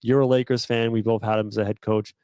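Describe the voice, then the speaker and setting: A man's voice: on the low side, level tone, fast talker, dark tone, no echo. A man co-hosting a sports podcast in casual chat, laid-back and chuckling, with occasional swearing. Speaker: podcast co-host.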